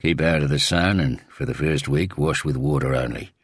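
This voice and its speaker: A hard-living tattooist talks in wry, unhurried banter through a very deep voice, as a male narrator puts him on. The sound is close and dry, like the rest of the reading. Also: slightly rough, no room sound.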